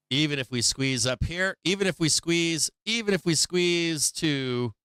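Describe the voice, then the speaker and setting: Hosting a market live stream, a man talks through his charts with blunt, profane remarks and frequent restarts. His medium-pitched voice is bright and smooth but wearing thin as he loses it, captured close-miked and dry with no room sound.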